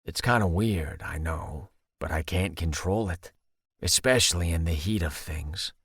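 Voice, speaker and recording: A man putting on a deep-voiced easygoing young jock, low and breathy, dry close sound. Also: measured pace, a bit bright, dry recording, full character voice. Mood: sheepish. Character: laid-back young male jock, low voice.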